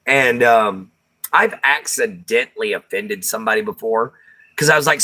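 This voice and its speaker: A Texas livestream host goes through viewer comments in easygoing chat, laughing frequently and leaning on Southern slang. His voice sits on the low side, pushed and bright, at normal speed.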